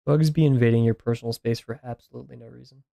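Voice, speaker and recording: Sketching live on stream, this man chats in a meandering way, packed with fillers and false starts. His mid-range voice is warm and creaky, fairly even in intonation and quick, captured with no echo.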